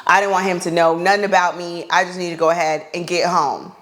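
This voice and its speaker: A woman's voice: fairly low pitch, fairly quick. A woman podcast host telling a funny dating story in a casual way, acting out her own lines with blunt, exasperated asides. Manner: animated, acts out her own reactions in dialogue.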